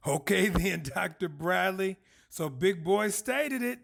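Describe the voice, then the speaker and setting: A man's voice: high voice, lively intonation, takes it slowly, creaky, fairly bright tone, no room sound. Enthusiastic male host, dry close sound. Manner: enthusiastic, formal. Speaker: podcast host. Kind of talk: scripted introduction.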